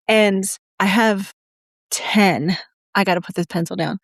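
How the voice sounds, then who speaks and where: A woman's voice: medium pitch, measured pace, pauses often, no room sound, studio quality. A woman hosting her own podcast, chatting casually and out of breath, giggling and rambling as she repeats herself. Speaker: podcast host. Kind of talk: casual solo podcast chat.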